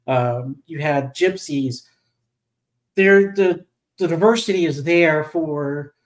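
A guest on a casual panel discussion, giving advice haltingly with many fillers. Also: mid-range voice, low-quality recording.

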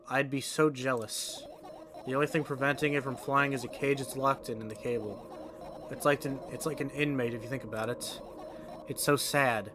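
Bright-voiced man reading game text aloud. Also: mid-range voice, slight background noise. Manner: sarcastic asides, swears at the game. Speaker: streamer.

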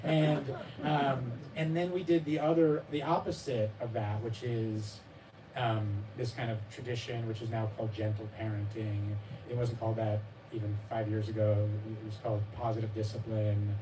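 A man's voice: lowish voice, fairly even intonation, normal speed, noisy background. Rambling man at a bookstore talk. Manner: rambling, self-deprecating, many restarts and fillers; acts out his child's and readers' voices with laughs. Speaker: author discussing his memoir. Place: bookstore event space. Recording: distant mic with room ambience.

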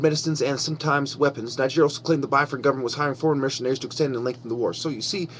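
A man's voice: on the high side, slight background noise. A man giving heated webcam commentary, reading passages aloud and then breaking off into angry, profane rants. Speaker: vlogger. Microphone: webcam mic.

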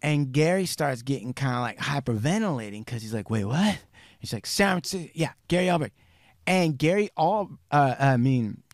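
Here a podcast host with a slightly high male voice recounts a true crime case in relaxed conversation. Animated and profane, he acts out the quoted people and varies his speed. The studio-quality recording has no room sound.

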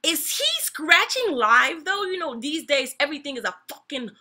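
A young adult woman giving casual, animated reaction commentary on a song at home, slangy and laughing often. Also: high voice, normal speed, background noise. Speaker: music reaction vlogger. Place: home room.

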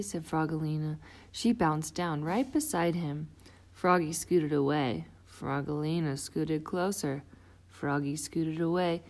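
A woman reading a children's picture book aloud, expressive and playing out the sound effects. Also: low voice, a little slow. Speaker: storybook reader.

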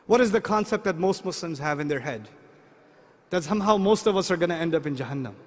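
A middle-aged man preaching a sermon, asking the audience lively rhetorical questions. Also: fairly high pitch, fast talker. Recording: long hall reverb.

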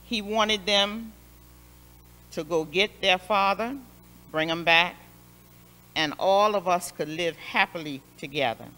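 A woman leads a Sunday school lesson, retelling a Bible story in an unhurried, emphatic way and circling back on key phrases. Her tone is bright and forceful. The sound rings with a long church-hall reverb. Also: on the low side. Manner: expressive, repeats phrases for emphasis.

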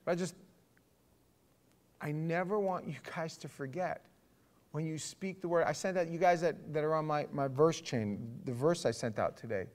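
Man, higher-pitched, informal church teacher who chats with the room and asks questions. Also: moderate pace. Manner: conversational, restarts, asks the group questions. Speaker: Bible study leader.

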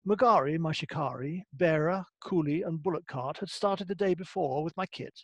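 Plummy Edwardian army officer read by a man, upper-class, raised pitch, dry close sound. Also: moderate pace, a bit bright, breathy edge, dry recording. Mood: leisurely.

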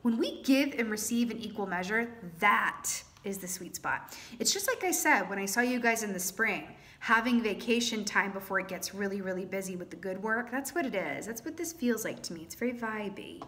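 A woman giving a casual tarot reading to viewers, chatty and animated with playful exclamations. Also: mid-range voice, moderate pace. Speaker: tarot reader.

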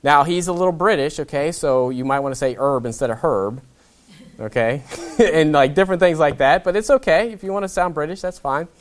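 A man, a pastor, preaching a sermon in a conversational way, often checking in with "okay?". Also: fairly quick. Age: young adult to middle-aged. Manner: conversational preaching, wide swings in pitch and loudness, frequent "okay?".

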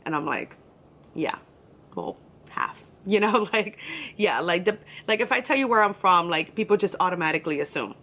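A woman's voice: on the low side, expressive, brisk, fairly bright tone, poor audio. A young woman from New York with a light New York accent, talking casually and bluntly on her solo podcast, full of fillers and swearing. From New York, USA. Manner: chatty, blunt, profane, filler-heavy. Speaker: podcast host.

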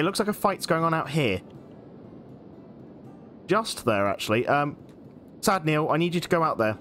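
A man giving chatty, excitable let's play commentary as he plays a game. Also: fairly high pitch. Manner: chatty, excitable, many fillers. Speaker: gaming channel host.

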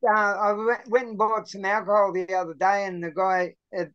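A man's voice: high-pitched, little pitch movement, normal speed, a bit bright, smooth. Aussie guy hosting a drinks podcast, sweary rambly stories, muffled close mic. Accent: Australian. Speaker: podcast host. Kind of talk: casual chat over drinks.

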